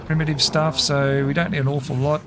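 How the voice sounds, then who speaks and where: A man's voice: a little high, flat delivery, brisk, a bit bright, slight background noise. A man casually commentating a game live, chatty and laughing easily while reading his chat. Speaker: game streamer.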